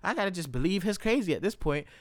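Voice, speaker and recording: A man telling a podcast story in a casual, slangy monologue, with a lively pitch that jumps up and down. He swears freely and moves from loud bursts to low mumbles. The recording is close and dry, with no room sound. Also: fast, dry recording. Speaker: podcast host.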